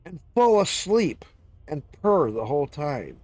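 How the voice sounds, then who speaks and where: A man's voice: a little high, sing-song, measured pace, a little mellow, no room sound. A man streaming live, chatting casually and telling long rambling stories about his pets, swearing freely and slipping into little meows. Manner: rambling, swears freely, breaks into cat and dog impressions. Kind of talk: casual chat.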